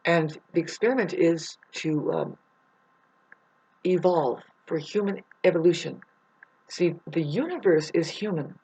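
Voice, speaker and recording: A woman's voice: fairly low pitch, lively intonation, a little slow, dark tone, slightly rough. A woman in a rambling, profane spiritual monologue, laughing often as she talks. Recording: muffled lo-fi recording.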